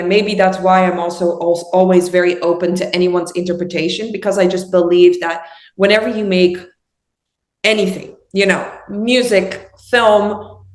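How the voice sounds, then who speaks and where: Dutch-accented woman in an echoey room. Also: on the low side. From Netherlands. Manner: thoughtful, searching for words, frequent ums. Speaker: filmmaker guest. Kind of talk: casual interview conversation.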